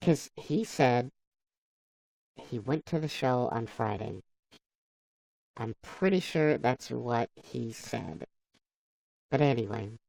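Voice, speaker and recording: A man's voice: medium pitch, lively intonation, takes it slowly, creaky, long pauses, darkish tone, dry recording, poor audio. A man on a live stream, chatting casually, laughing often and reading viewers' comments aloud. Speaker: livestreamer.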